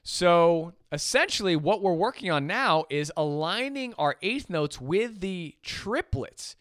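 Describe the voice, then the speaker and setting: A man's voice: high voice, expressive, takes it slowly, a bit bright, dry recording, clean studio sound. A man teaching jazz swing feel, explaining patiently and counting beats aloud. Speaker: music teacher. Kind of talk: instrument lesson.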